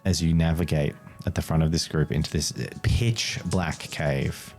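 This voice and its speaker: A man's voice: rumbling low, fairly even intonation, moderate pace, darkish tone, soft background music. A man running a tabletop game as game master, describing scenes with frequent restarts. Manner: hesitant, restarts mid-sentence while describing scenes.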